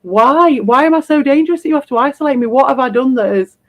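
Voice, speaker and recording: A woman's voice: high-pitched, fast talker, dull audio. A woman streaming live, ranting bluntly and combatively and swearing freely. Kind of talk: livestream rant.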